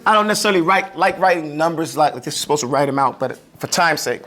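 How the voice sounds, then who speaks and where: A man's voice: on the high side, animated, quick pace. A man teaching Arabic letter pronunciation, asking the class to repeat sounds after him and acting out each sound. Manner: demonstrates sounds, sometimes loudly.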